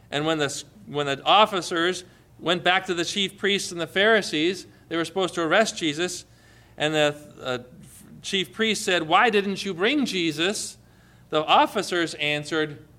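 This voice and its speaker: A man preaching a sermon, acting out quoted lines with big swings in pitch and loudness.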